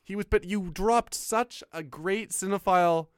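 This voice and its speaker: Young man joking on a podcast, bouncy higher voice, dry close sound. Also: clean tone, no echo. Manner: playful, teasing, quick jokes. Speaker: comedy podcast co-host. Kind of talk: casual comedic banter.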